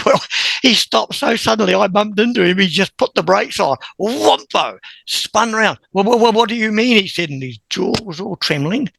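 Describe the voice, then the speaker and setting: A man, a podcast guest telling a long story in a lively, chuckling way. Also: on the high side, no echo, rough recording. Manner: animated anecdote-teller who chuckles and clears his throat. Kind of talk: conversational storytelling.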